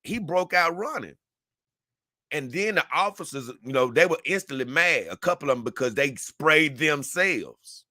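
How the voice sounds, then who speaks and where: A man's voice: on the high side, animated, normal speed, bright, forceful tone, no room sound, studio quality. A man, talking casually to camera and telling a story earnestly, rambling with many restarts. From Memphis, Tennessee. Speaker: vlogger.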